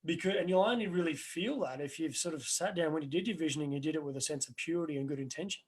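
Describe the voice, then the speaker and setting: Middle-aged male coach, earnest and rambling, voice sits a touch high. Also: quick pace, breathy edge. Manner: earnest, rambling with restarts and anecdotes. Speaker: life coach. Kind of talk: webinar Q&A answers.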